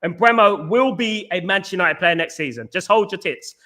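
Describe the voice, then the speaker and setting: Middle-aged man, high voice, bright tone, chatty live-stream host, emphatic shout-outs. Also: fairly quick. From England. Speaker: channel host reading live chat. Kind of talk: casual live-stream chat.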